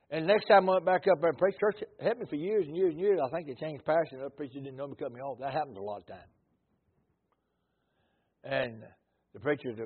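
An older man with a Mississippi Southern accent, a missionary preacher telling folksy stories in a sermon, swinging from loud to low. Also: husky. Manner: storytelling, rises loud then drops low. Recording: tinny phone-like audio.

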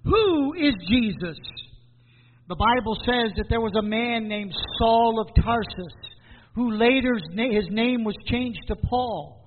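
A man preaching a sermon as pastor, with dramatic pauses and repeated questions. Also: very high-pitched, animated, slight background noise. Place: church. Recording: tinny phone-like sound in a hall.

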